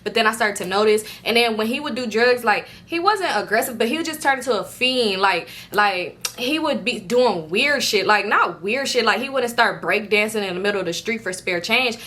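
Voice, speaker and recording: Storytime vlogger, woman, animated and profane, forceful bright tone. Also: on the high side, normal speed, few pauses. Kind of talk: casual storytime.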